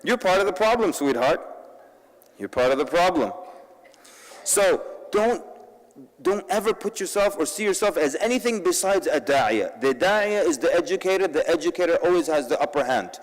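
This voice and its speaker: A fairly high-voiced man delivers a sermon-style talk to a convention crowd. He moves between lively storytelling with wry asides and urgent direct appeals to his listeners. His voice carries a long reverb from a large hall. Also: moderate pace. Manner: addresses the audience directly and urgently. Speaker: convention speaker.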